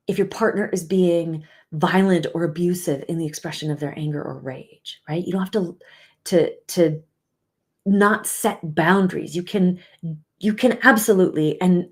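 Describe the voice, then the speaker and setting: Earnest soft-spoken woman coach. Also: lowish voice. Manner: earnest, soft-spoken, shifts to whispers and emphatic outbursts. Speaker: relationship coach. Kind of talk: motivational talk to camera.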